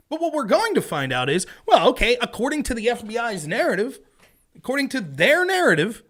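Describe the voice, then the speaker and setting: A man ranting on his home live stream, his voice sitting high and swinging widely as he works himself up. He swears freely, keeps tossing in "right?", and tells the story as an off-the-cuff monologue. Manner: animated and profane, keeps asking "right?". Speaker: live-stream political commentator. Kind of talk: casual ranting commentary.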